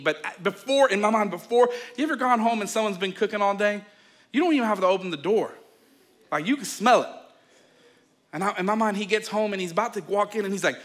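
A male pastor who preaches a sermon, tells the story in a lively way, and talks straight to his listeners. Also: sits high, normal speed. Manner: animated storytelling, acting out scenes; addresses listeners directly.

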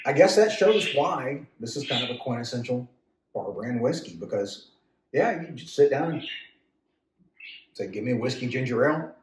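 A man's voice: medium pitch, expressive, normal speed, long pauses. A man co-hosting a casual whiskey-tasting chat, reading labels aloud and giving his take. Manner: reads bottle labels aloud, chatty. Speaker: podcast co-host reviewing whiskey. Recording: echoey room, mic at a distance, faint noise.

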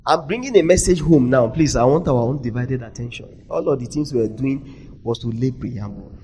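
A man preaches a sermon, his voice warm and mellow rather than bright. He throws call-and-response questions at the audience and swings from loud emphasis to hushed, almost whispered lines. Faint noise hangs under the recording. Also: mid-range voice, normal speed, low-quality recording. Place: conference hall.

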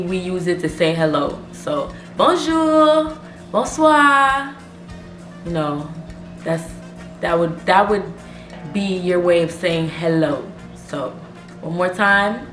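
A woman giving a casual language lesson, chatty, and repeating each phrase slowly. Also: lowish voice, roomy sound. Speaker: language tutor.

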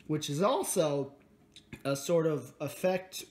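A man's voice: a little high, slow, a little mellow. A teenage boy reviewing a building toy set in a jokey, rambling way, recorded on a phone at home. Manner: rambling, jokey, drops into mumbles. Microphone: phone camera.

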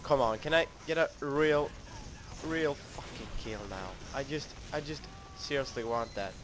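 A man's voice: medium pitch, measured pace, noisy background. A young man giving live commentary over his own gameplay, frustrated, swearing and mocking his own skill in rambling talk.

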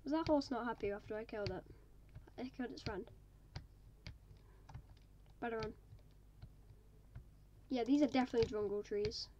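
High-voiced woman chatting over gameplay. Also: moderate pace, long pauses, dark tone, dull audio, a little hiss or hum. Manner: chatty, talking to viewers while playing. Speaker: gaming video maker. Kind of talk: casual gameplay commentary.

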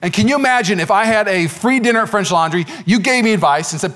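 A man who is a pastor, preaching an energetic sermon that swings from loud exclamations to quiet asides. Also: high-pitched, fast talker, hardly any pauses. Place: church.

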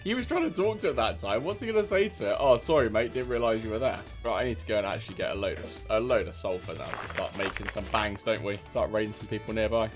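A man's voice: fairly low pitch, very animated, quick pace, few pauses, music in the background. A young man giving cheeky, swear-filled gameplay commentary and mocking other players. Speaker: gaming streamer.

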